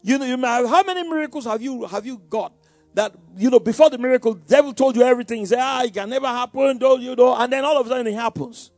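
A man preaching a sermon, calling out questions to the congregation and swinging from hushed tones to shouts. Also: very high-pitched, racing, no echo, soft background music.

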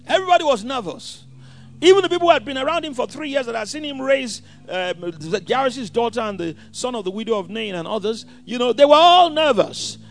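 A man preaching a sermon, swinging from hushed asides to shouted scripture quotes. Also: extremely high pitch, animated, fairly quick, soft background music.

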